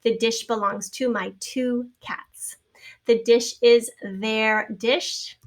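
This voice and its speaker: A patient woman teaching a spelling lesson, her voice sitting a little high. She explains step by step and spells words out letter by letter for her students. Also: steady tone, takes it slowly.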